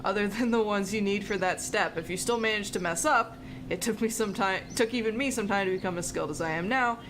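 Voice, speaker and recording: A woman's voice: mid-range voice, fairly quick, background noise, lightly acted. A woman voicing a pompous male rocket scientist as she reads his tutorial lines aloud, with a self-satisfied tone. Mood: boastful. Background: game music.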